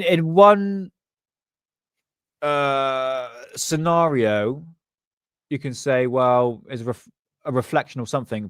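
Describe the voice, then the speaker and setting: A man's voice: mid-range voice, no room sound. Jokey man, dry close sound. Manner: jokey, rambling, laughs often. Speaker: live stream host. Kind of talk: casual live stream chat. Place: at his desk.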